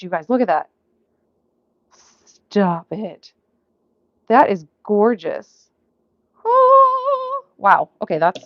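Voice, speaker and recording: Woman from Minnesota, livestream host, bright lilting voice, gushing and chatty, dull phone audio, dry. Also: on the high side, no echo. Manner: gushing, easily excited, chatty with asides. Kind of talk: casual live-stream chat.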